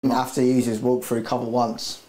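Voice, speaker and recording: A man's voice: mid-range voice, monotone, normal speed, dark tone. A tipsy man chatting loosely after a tabletop game, rambling and repeating himself. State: tipsy from drinking. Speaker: tabletop wargame player. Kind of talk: casual post-game chat.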